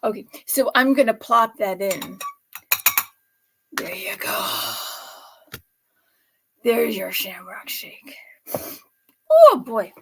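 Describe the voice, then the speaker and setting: A woman with a slightly high voice hosts a casual cooking vlog from her home set. She talks slowly and chattily, laughing often and breaking into exclamations. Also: animated, vocal fry, fairly bright tone, breathy edge. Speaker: host making drinks at home.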